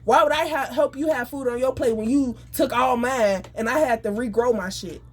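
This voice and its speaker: A woman venting in an angry, profane, rapid rant. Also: a little high, breathy edge. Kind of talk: emotional venting monologue.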